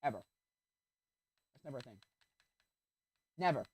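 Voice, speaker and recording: Animated rambling male game streamer. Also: medium pitch, measured pace, slightly rough, no echo. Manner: rambling, animated, interrupts himself to react to the game. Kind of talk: casual chat while playing.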